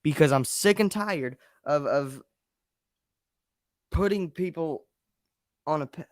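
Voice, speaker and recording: A man's voice: a little high, takes it slowly, no echo, clean studio sound. A man hosting his own show at home, ranting bluntly and repeating himself, with frequent swearing. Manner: frustrated, blunt, repetitive, swearing. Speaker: podcast host. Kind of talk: angry solo rant on a live stream. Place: home at night, a partner asleep nearby.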